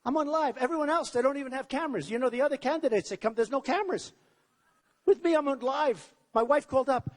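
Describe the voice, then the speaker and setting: A man's voice: very high voice, expressive, quick pace, big-room sound. A man giving a campaign rally speech, rambling, repetitive and boastful. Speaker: presidential candidate. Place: large rally venue with crowd.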